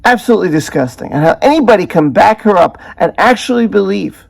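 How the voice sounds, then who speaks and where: A man's voice: high voice, animated, fast, vocal fry. A man hosting his own channel, giving indignant and emphatic commentary and stacking up strong words. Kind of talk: opinionated video commentary.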